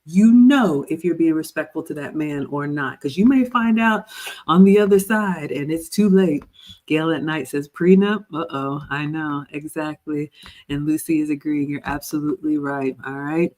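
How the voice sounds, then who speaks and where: A woman's voice: low voice, moderate pace, darkish tone. A woman in her forties hosting a livestream, reading viewer comments aloud and riffing on them in casual chat. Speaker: livestream host.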